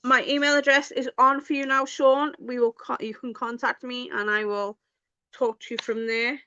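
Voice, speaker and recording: A woman vlogging in casual chat, talking in a halting, hesitant way with many fillers. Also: fairly high pitch, flat delivery, bright, forceful tone, clear, resonant tone, no echo, highs cut off.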